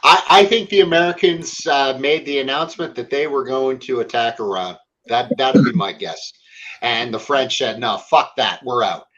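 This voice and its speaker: A man's voice: medium pitch, normal speed, fairly bright tone, highs cut off. A man moderating a casual discussion, speaking bluntly.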